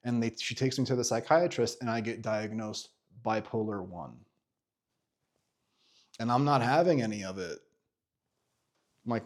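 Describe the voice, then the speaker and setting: A man in his thirties telling a personal story in a candid vlog, animated, swearing freely and full of fillers and restarts. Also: lowish voice, unhurried. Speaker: vlogger.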